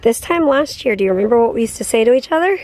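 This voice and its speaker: A woman's voice: a little high, expressive, very fast, a little mellow. A woman in her thirties chatting casually in a home vlog, laughing easily as she talks. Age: 30s. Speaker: vlogger.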